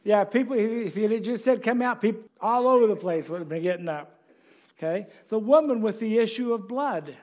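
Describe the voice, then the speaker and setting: Male preacher, high voice, casual sermon delivery, chuckles, asks questions of the congregation. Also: expressive, a little fast, darkish tone.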